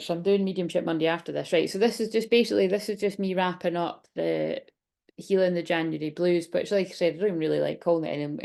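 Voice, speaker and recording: A woman in her late thirties records a chatty, rambling tarot reading vlog, restarting often, hiccuping, and sounding a bit out of breath. Her voice is low-pitched, creaky, and mellow.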